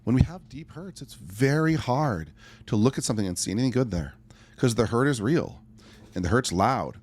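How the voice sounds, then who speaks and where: Speaking at normal speed in a medium-pitched, expressive and slightly mellow voice, this middle-aged man is a life coach guesting on a podcast. His interview answer is earnest and conversational, full of stories with acted-out asides.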